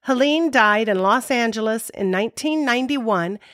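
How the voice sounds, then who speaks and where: A woman co-hosting a podcast, narrating scenes and trivia in a clear, measured way. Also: a little high, expressive, fairly bright tone, no echo, clean studio sound. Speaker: podcast co-host.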